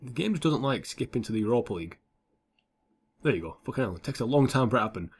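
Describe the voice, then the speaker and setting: A man's voice: medium pitch, animated, quick pace, husky. A young man giving casual, sweary commentary over a football management game. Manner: blunt, sweary and offhand. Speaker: gaming YouTuber.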